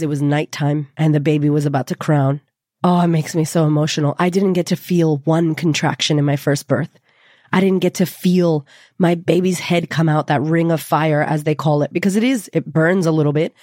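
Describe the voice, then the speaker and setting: A woman's voice: low voice, dry recording, clean studio sound. Candid, swearing woman telling a story. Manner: candid, swears freely, lively retelling. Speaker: podcast host. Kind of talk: personal storytelling.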